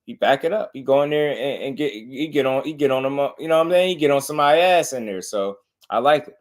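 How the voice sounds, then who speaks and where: Talking fast at a medium pitch, this boxing talk show host reacts to clips in a laid-back, repetitive manner, frequently tossing in "you know what I mean."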